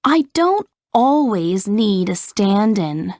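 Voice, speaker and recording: A woman's voice: mid-range voice, very animated, slow pace, a little mellow, dry recording, clean studio sound. A woman reading as an eager young actress, earnest and polite.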